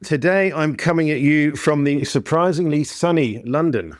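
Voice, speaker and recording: Relaxed Australian man, dry sound. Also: a little high, normal speed, dry recording. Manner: relaxed, chatty, frequent fillers. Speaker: guest, company founder. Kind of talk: casual podcast interview.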